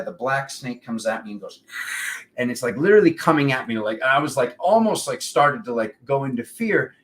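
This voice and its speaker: Rambling man in a spiritual monologue. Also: mid-range voice. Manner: rambling, animated, quoting friends in voices. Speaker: spiritual channel host.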